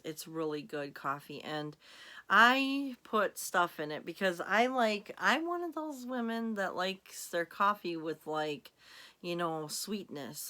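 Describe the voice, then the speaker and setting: A woman's voice: sits low, sharp tone, clean tone. A woman vlogger chatting casually to her camera in a rambling, giggly way.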